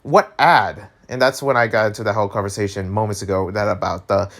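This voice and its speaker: A man vlogging in a casual rant, animated and exasperated, laughing often and tripping over his words. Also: quick pace, vocal fry. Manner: animated, exasperated, pitch jumps high when worked up.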